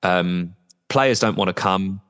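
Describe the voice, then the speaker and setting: A man's voice: low voice, slow pace, fairly bright tone, smooth, in a large hall. A man representing a football supporters' trust as a podcast guest, talking candidly and at length, with the odd blunt swear word.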